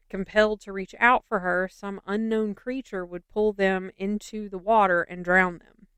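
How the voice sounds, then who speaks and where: A woman's voice: mid-range voice, fairly bright tone, smooth, no room sound. A woman co-hosting a podcast, reading a local legend and then chatting skeptically in a loose, rambling way. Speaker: podcast co-host. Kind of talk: casual podcast chat and story reading.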